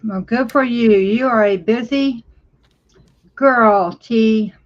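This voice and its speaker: Slow, hesitant American woman streamer. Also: a little high, lo-fi sound. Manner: slow, hesitant, many fillers, laughs often. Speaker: livestream host. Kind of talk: casual chat.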